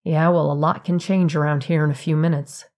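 A man's voice: a little high, little pitch movement, a little fast, darkish tone, natural voice. Woman voicing a tense, tight-voiced husband. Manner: tight, strained.

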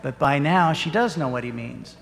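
A parish priest giving a sermon, telling a story in an earnest, measured way. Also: male voice, fairly high pitch, fairly bright tone, slight background noise. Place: church. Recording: long church reverb.

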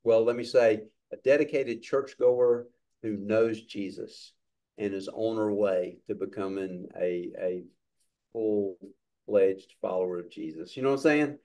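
A man's voice: lowish voice, measured pace, warm tone. A man leading a church discipleship class over a video call, upbeat and encouraging.

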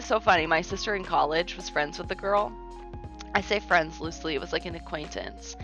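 A woman's voice: mid-range voice, bright, forceful tone. Rambling American woman streamer chatting. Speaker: live streamer. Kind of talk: casual live-stream chat, reading chat aloud. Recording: dull lo-fi stream audio with faint music. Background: faint background music.

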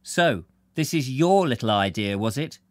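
A man's voice: medium pitch, lively intonation, normal speed, no room sound, voice pushed up, lightly acted. A man voicing a small, indignant older clerk who speaks firmly and commandingly.

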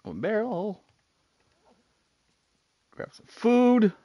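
An excitable man narrates his own gameplay, talking to himself with frequent bursts of laughter. His voice sits fairly high and swings widely in pitch. The recording is close and dry, with no room sound. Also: extremely slow, dry recording, highs cut off. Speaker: gaming streamer. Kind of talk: live game commentary.

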